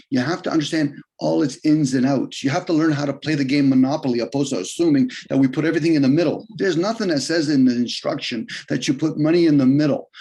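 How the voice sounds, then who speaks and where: Man holding forth on a video call, loose and argumentative, voice slightly raised in pitch. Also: darkish tone. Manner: rambling, argumentative, shifts pitch often for emphasis and quoted voices. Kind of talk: casual rambling monologue on a video call.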